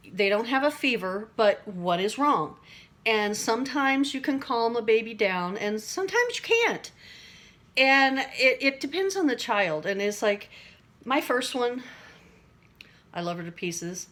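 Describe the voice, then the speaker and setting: A woman's voice: mid-range voice, a bit bright. A middle-aged woman talking to camera in a casual, rambling way about everyday stress, acting out little voices and laughing at herself. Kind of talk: casual teaching monologue to camera.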